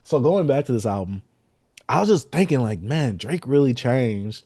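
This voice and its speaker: A man reviewing an album in a relaxed podcast chat, his voice mellow and low-key. He quotes lines and plays out his own reactions as he goes. The sound is close and dry, with no room around it. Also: normal speed, breathy edge, no room sound. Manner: animated, quotes lyrics and acts out reactions. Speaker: podcast co-host.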